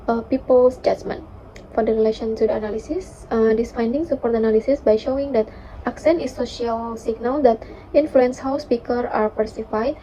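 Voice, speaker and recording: A young woman, a university student, reading a class presentation with careful, steady delivery and occasional fillers. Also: on the high side, a little hiss or hum. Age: young adult. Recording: dull lo-fi recording.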